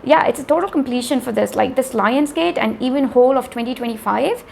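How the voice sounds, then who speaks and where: Chatty, gravelly-voiced young woman reading tarot. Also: high-pitched, fairly quick, a little hiss or hum. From India. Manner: chatty and animated, laughs often, talks directly to viewers. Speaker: tarot reader. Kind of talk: casual tarot reading to camera.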